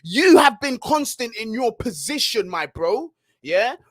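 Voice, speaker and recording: A man's voice: extremely high pitch, sing-song, measured pace, a bit bright, no echo, clean studio sound. A man hosting a casual football chat, fired up and slangy, often asking "yeah?". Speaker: host.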